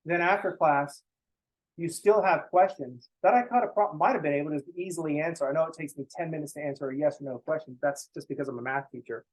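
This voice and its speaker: A man's voice: on the high side, quick pace, poor audio. A young man teaching a college math class in a casual, blunt way, swearing freely and making joking asides to his students. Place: classroom, also streamed online.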